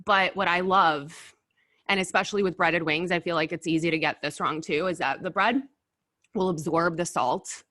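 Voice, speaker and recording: A woman hosting a casual chat while tasting wings, animated and blunt, sometimes talking with her mouth full. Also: on the low side, normal speed. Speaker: host. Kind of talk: casual food review chat.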